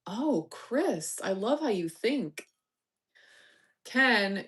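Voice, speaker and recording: A woman's voice: fairly high pitch, lively intonation, extremely slow, long pauses, a bit bright. A woman hosting a casual live stream, reading chat with teasing, bossy remarks and swearing while distracted and muttering to herself. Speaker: livestream host reading chat.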